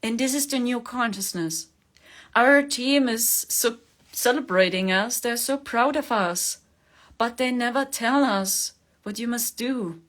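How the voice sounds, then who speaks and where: Woman, fairly high voice, earnest coaxing spiritual talk, laughs often. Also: unhurried, a bit bright. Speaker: spiritual livestream host.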